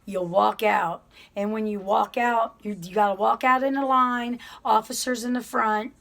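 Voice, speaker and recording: A woman's voice: on the high side, steady tone, normal speed, vocal fry, fairly bright tone. A middle-aged woman telling her story to viewers in a chatty, rambling way, often apologizing and restarting her sentences. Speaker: vlogger sharing her prison experience.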